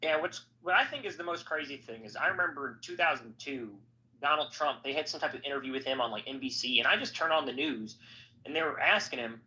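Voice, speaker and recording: A man's voice: fairly high pitch, fast, bright, forceful tone. A man talking politics in a rambling, profane, casual podcast chat. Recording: slightly dull audio with faint background noise.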